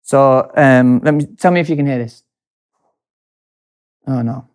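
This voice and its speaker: Man, mid-pitched, animated storyteller, casual chat, laughs often, quick bursts.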